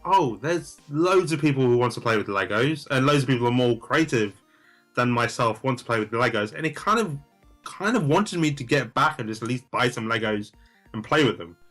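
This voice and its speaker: A man's voice: mid-range voice, animated, a little fast, a bit bright, soft background music. A British man with a British accent, a guest chatting casually in an easygoing, agreeable way. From Britain. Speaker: co-host guest. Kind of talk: casual chat.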